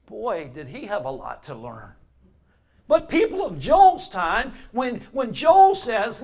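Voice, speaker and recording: An older man delivers a sermon, his voice sitting rather high for a man. He has a relaxed, folksy way of telling stories and homespun asides from the pulpit. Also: takes it slowly. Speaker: pastor.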